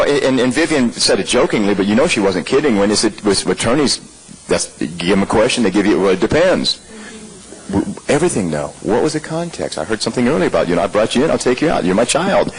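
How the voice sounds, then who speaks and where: A man's voice: mid-range voice, big pitch swings, quick pace, poor audio. A man leading a live leadership training workshop, talking conversationally to the room and firing off rhetorical questions.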